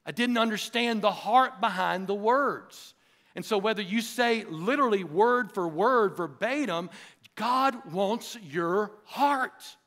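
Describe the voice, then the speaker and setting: A pastor preaching a sermon, in an earnest, emphatic style that repeats phrases for weight. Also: male voice, high voice, a bit bright.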